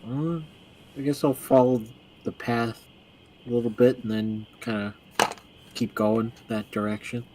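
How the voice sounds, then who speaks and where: A man's voice: mid-range voice, fairly even intonation, a little slow, long pauses, a little mellow, slight background noise, poor audio. A young man playing a tabletop game, giving brief, offhand answers. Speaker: player. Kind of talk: casual tabletop play.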